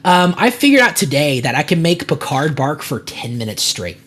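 A man's voice: very animated, moderate pace, fairly bright tone. A man co-hosting a podcast, telling stories in casual chat and acting out the people in them. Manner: rambling storyteller, acts out quotes with big jumps in pitch. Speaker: podcast co-host.

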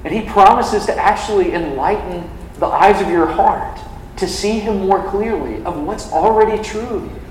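Young male preacher, casual sermon voice, slightly high, filler-heavy, echoing hall. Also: moderate pace, a little hiss or hum. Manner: conversational, frequent "like" fillers. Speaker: campus ministry preacher. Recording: echoey hall from a distance.

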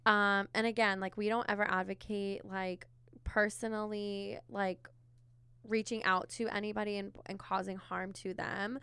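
A woman's voice: mid-range voice, level tone, moderate pace, bright, forceful tone, clear, resonant tone, no echo. A woman therapist co-hosting a podcast, chatting casually and filling her talk with "like" and "you know.". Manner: conversational, many filler words.

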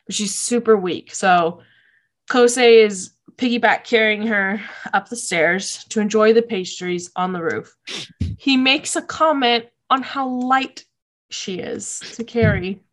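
A woman's voice: a little high, measured pace. A woman casually recapping episodes of a show, emotional and gushing, laughing often and saying "like" a lot.

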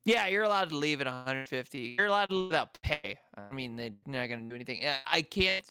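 A man's voice: mid-range voice, expressive, quick pace, bright, forceful tone, clean tone. A man in casual chat, laid-back and profane, with lots of fillers. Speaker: friend in conversation.

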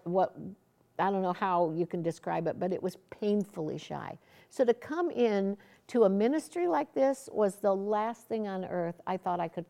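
A middle-aged woman hosts a podcast interview with a voice of middling pitch. She tells personal stories in an earnest, conversational way. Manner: earnest storytelling, warm laughs between thoughts. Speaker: podcast host.

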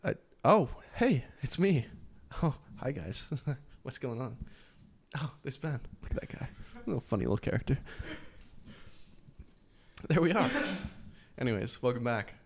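A man's voice: medium pitch, lively intonation, a little slow, vocal fry, long pauses, a little hiss or hum. A young man as a podcast guest, chatting casually at home in a playful, goofy way and swearing freely. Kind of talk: casual chat. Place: home kitchen.

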